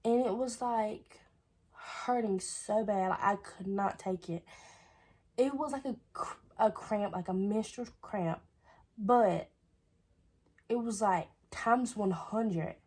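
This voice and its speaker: Young woman vlogger, AAVE, husky tone, rambling "I was like" storytelling. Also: mid-range voice, slow pace, a little mellow. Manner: chatty, repeats "I was like". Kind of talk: casual storytelling.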